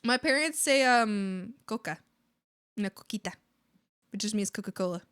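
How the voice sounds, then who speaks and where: A woman's voice: mid-range voice, animated, moderate pace, fairly bright tone, clear, resonant tone, dry recording, clean studio sound. A Canadian woman from the Maritimes chatting casually on a live art stream, bubbly and giggly, rambling with lots of fillers.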